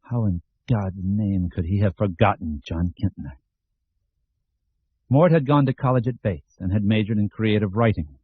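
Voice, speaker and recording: A man reading an audiobook in a measured storytelling style. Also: fairly low pitch, slightly rough, no room sound. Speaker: audiobook narrator. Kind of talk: scripted narration. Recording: dull lo-fi audio.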